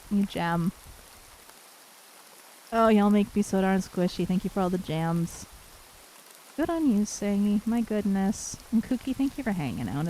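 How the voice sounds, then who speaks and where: A woman from Canada streaming live and chatting warmly with her viewers, affectionate and giggly, a little worn from losing her voice. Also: mid-range voice, slight background noise, low-quality recording. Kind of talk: casual live-stream chat reading viewer messages.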